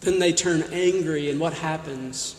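A man's voice: a little high, measured pace, a little hiss or hum. A male pastor preaching a sermon, pressing his listeners with repeated rhetorical questions. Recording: echoey hall with long reverb.

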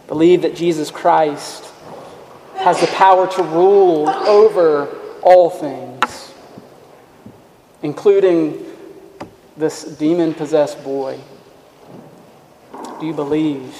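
A man preaching a sermon in an earnest, emphatic way, dropping to quiet asides. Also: a little high, fairly even intonation, takes it slowly, pauses often, a little hiss or hum. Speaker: pastor. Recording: echoey hall with long reverb.

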